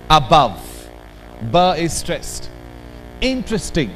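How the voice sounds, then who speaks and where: An Indian man giving an animated workshop lecture, drilling words aloud with the audience. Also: sits high, very slow, pauses often, slight background noise, poor audio. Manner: animated, drills words aloud, code-switches into Hindi asides. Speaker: workshop trainer. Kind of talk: lively classroom workshop lecture.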